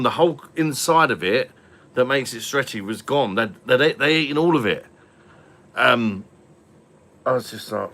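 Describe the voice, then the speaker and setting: Low-voiced man chatting over beers. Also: unhurried, fairly bright tone. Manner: swears freely, laughs often, rambling anecdotes. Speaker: host of an online pub stream. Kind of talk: casual chat over beers. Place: at home.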